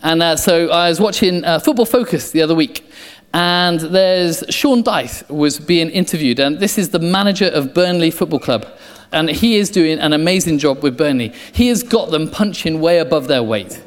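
A man preaching a passionate sermon in church, repeating key phrases and dropping to quiet intensity. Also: on the high side, moderate pace, few pauses. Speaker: pastor. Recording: echoey church hall, soft guitar behind.

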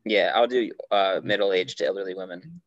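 A man's voice: low-pitched, normal speed, no room sound. A man co-hosting a casual podcast, joking loosely and sounding a little tipsy after a day of drinking. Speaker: podcast co-host. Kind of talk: casual chat. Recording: dull, dry lo-fi sound.

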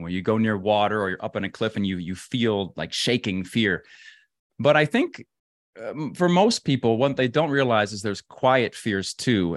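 In a casual interview, a travel adventurer talks about travel and facing fear, speaking emphatically and repeating words as he works through his thoughts. His voice is lowish, and the studio-quality recording has no room sound.

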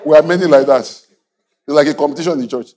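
A man preaching a sermon as a pastor, animated, laughing often and calling on the congregation to repeat after him. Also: fairly high pitch, fast, slight background noise. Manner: animated preaching with call-and-response and frequent laughter.

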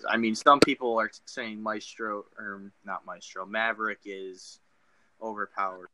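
A man in casual gaming chat, measured and hesitant with frequent ums. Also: lowish voice, steady tone, very noisy.

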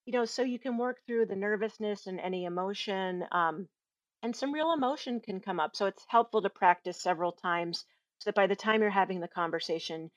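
A woman on a podcast who trains people in giving feedback, telling lively stories and acting out quoted voices, laughing often. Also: medium pitch, fairly quick, dry recording. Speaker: guest, workplace feedback trainer. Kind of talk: casual podcast conversation.

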